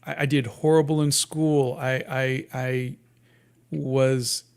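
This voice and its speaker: A man in his fifties, a guest cartoonist talking casually in an interview, in a soft, sleepy-sounding voice with many halting restarts and fillers. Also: medium pitch, little pitch movement, smooth. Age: 50s.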